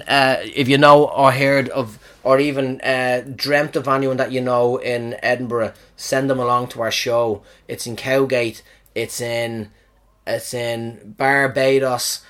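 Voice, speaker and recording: Male comedian with a mid-pitched voice, loose and profane, telling stories in digressions. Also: fairly bright tone. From Ireland. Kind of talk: casual chat.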